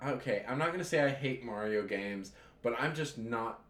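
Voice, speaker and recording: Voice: moderate pace, roomy sound. A young co-host of a podcast, chatting playfully and teasing their friend. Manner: playful, teasing, lively swings in pitch. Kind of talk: casual chat.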